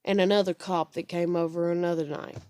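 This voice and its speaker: A woman's voice: lowish voice, flat delivery, fairly quick, a little mellow, smooth, no echo, clean studio sound. A single mother, venting in an angry rant to camera, upset and stressed and swearing repeatedly. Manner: swearing, repetitive, exasperated.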